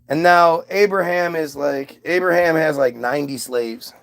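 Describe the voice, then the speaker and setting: A man's voice: a little high, normal speed, vocal fry, fairly bright tone. A man delivering a rambling, profane comic monologue. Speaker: comedian.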